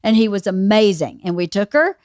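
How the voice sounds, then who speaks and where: A woman guest on a podcast, telling a family story, teasing and quick to contradict. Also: mid-range voice, lively intonation, darkish tone, dry recording, studio quality. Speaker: podcast guest, host's wife. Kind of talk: casual storytelling chat.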